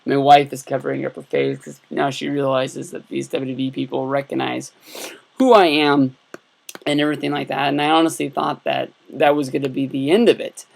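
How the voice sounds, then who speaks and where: A man in his thirties recaps his trip for his vlog in a loose, unscripted way. His voice has a heavy gravelly rasp at a middling pitch. He keeps circling back with fillers and restarts. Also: fairly even intonation, brisk. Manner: rambling, many fillers and restarts. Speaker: YouTube vlogger. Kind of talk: casual storytelling vlog.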